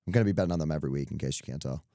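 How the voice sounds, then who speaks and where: A young podcast co-host with a deep, warm voice rattles off his weekly betting picks rapid-fire in a loose, joking way. He rambles, circles back and teases himself, recorded dry and close to the mic with no room sound.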